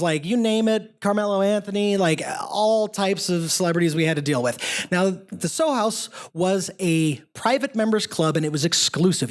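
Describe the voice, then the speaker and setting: A storyteller performing a story live in a pub, chatty and self-mocking, with frequent asides to the audience. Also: medium pitch.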